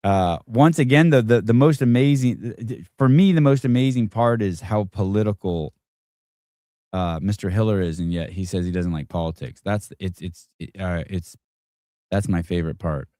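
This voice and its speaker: A man with a fairly low voice hosts a casual live stream. He rambles, jokes and swears freely. The sound is dry and close to the mic. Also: normal speed, warm tone, no room sound. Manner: rambling, profane, joking. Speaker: podcast host.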